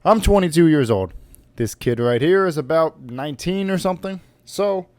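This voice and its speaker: A man's voice: on the high side, expressive, normal speed, a little mellow, dry recording. A man in his twenties telling a personal story to camera in a blunt, joking, profane way. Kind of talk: casual storytime monologue.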